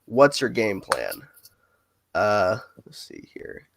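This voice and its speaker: A man hosting a casual livestream chat, talking in quick asides. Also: on the low side, wildly swooping pitch, creaky, no room sound. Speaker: host.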